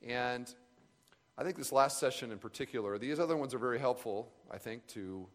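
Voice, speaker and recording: A man giving an earnest, reflective sermon at a camp retreat, pausing and restarting as he speaks. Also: medium pitch. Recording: long reverb of a large hall.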